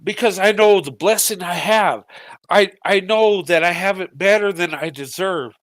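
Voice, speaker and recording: A middle-aged man giving a halting, emotional personal monologue to his viewers, tearful and often repeating his words as his voice breaks. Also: high-pitched, a bit bright, no room sound. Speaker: vlogger.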